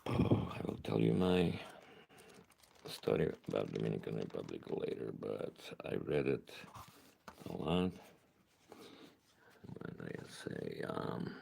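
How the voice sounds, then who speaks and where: A man's voice: extremely low pitch, sing-song, slow pace, creaky, pauses often, warm tone, breathy edge. A middle-aged man from Ukraine with a Ukrainian accent, tired and rambling in a casual monologue to camera at home. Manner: rambling, wandering from thing to thing. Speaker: vlogger.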